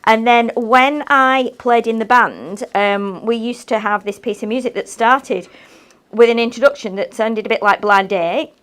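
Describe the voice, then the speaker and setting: A woman's voice: a little high, normal speed, fairly bright tone. A woman demonstrating crafts on a live show, talking in a chatty, rambling, self-mocking way. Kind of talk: live shopping craft demo chat.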